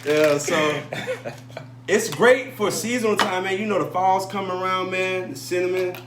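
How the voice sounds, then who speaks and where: A man hosting a casual talk show, relaxed and easygoing, often tagging "man" onto his sentences. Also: sits high. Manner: relaxed, drawn-out filler "man". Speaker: host. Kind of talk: casual chat. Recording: echoey room, faint noise.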